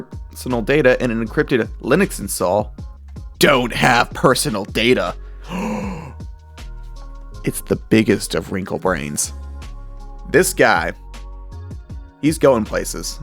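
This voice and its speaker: A young man giving casual, chatty commentary as he reacts to memes, with frequent laughs and animated asides. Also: mid-range voice.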